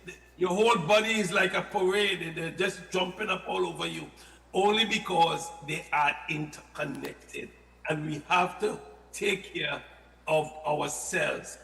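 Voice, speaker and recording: A man talks about health in a high, sharp-edged voice, animated and given to playful asides. He sounds echoey, with a long reverb trailing his words. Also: unhurried, vocal fry. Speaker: health product guest. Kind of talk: casual radio-style health talk.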